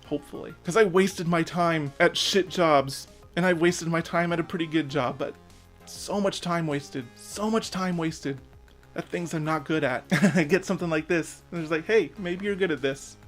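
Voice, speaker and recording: A man's voice: a little high, normal speed, soft background music. A man in his thirties giving an earnest, emotional personal rant as a vlogger, swearing now and then. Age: 30s.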